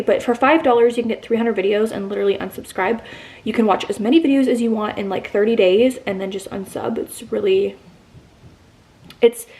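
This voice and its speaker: Young female vlogger, pregnant, rambling chatty delivery, slightly high voice, roomy echo. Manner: chatty, rambling with many fillers and restarts. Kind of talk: casual get-ready-with-me vlog. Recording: echoey room.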